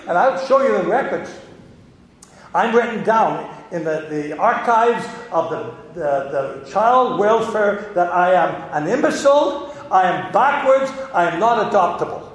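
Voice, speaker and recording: A man's voice: high-pitched, lively intonation, measured pace. An older Canadian man and missionary preacher, giving a sermon testimony with a chuckling, self-deprecating storytelling manner, recorded in a large hall. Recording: echoey hall with long reverb.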